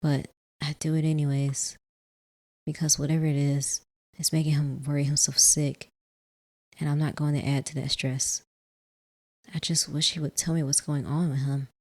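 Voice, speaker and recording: A woman hosting a let's play, reading a visual novel in the first person, softly, with casual asides. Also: sits low, little pitch movement, normal speed, pauses often.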